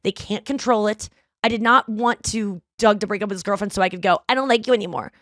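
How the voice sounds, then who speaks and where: Woman podcast host, 30s, chatty and profane, voice goes up high when she quotes people, dry close mic. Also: a little fast, no room sound. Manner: animated, profane, acts out quoted lines. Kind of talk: casual storytelling chat.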